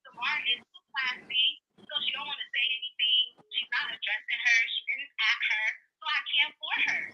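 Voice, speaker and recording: A woman's voice: high voice, fairly quick, background noise. A woman calling in to a talk show, heated and insistent, heard through a phone. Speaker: caller. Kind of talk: phone call-in. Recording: dull phone line.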